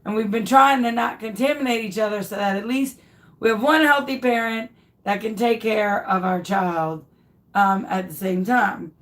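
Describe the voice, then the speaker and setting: A woman's voice: medium pitch, moderate pace. A woman in her thirties hosting a craft video, casually telling viewers a funny personal story with lots of laughter and restarts. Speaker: craft tutorial host.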